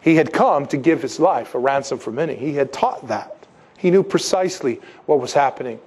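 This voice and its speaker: A man preaching a sermon in a lively, conversational way, acting out quotes and asides. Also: a little high. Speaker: pastor.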